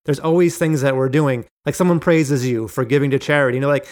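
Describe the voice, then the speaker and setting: A man's voice: on the high side, brisk, few pauses. A man hosting a Bible study discussion, explaining word meanings and reading quotations aloud in a conversational teaching style. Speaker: Bible study podcast host.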